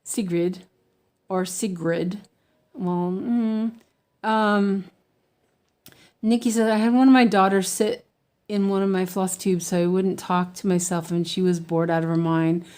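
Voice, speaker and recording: A woman's voice: mid-range voice, fairly even intonation, a little slow, darkish tone, clear, resonant tone. A woman chatting casually while she cross-stitches on a livestream, rambling with fillers and restarts and a slight lisp. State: slightly lispy from medicine.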